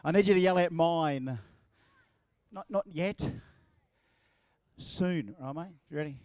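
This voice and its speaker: High-voiced joking Australian MC. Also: male voice, unhurried, a little mellow, dry recording. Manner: jokey, playful, teasing. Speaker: event MC. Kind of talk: crowd banter at a live event. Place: outdoor drag racing track.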